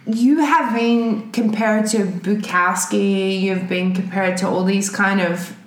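A woman at a middle pitch leads a casual interview and keeps stopping to restart her sentences. The room around her sounds echoey and open. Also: fairly even intonation, slow. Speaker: podcast co-host, interviewer.

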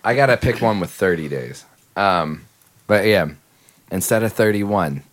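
A man's voice: fairly low pitch, animated, measured pace. A man co-hosting a podcast in casual chat, rambling and trailing off between jokes. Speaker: podcast co-host.

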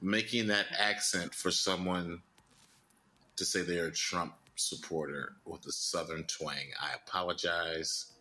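A man co-hosting a comedy podcast, joking and animated in casual chat. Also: low voice, measured pace. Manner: animated, joking, swings between voices. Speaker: podcast co-host.

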